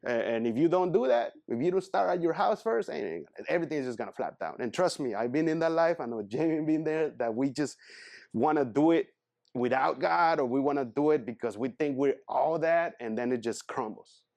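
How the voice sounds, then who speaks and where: A man's voice: a little high, expressive, fairly quick, creaky, darkish tone. A man in his thirties giving a casual motivational talk as a guest speaker, earnest and rambling, often calling people "man".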